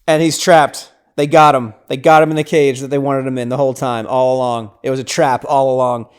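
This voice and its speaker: A man hosting a podcast, casually recapping a film scene by scene, with lots of "like" and "right?", dropping to a hush for tense moments. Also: medium pitch, level tone, fairly quick, smooth. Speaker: podcast host.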